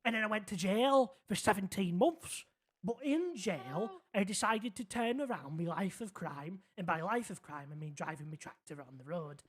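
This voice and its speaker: With lively intonation and a lightly acted, medium-pitched delivery at normal speed, a streamer portrays a naive young man in a city roleplay game. He rambles earnestly through a long story, repeatedly checking that the listener is keeping up.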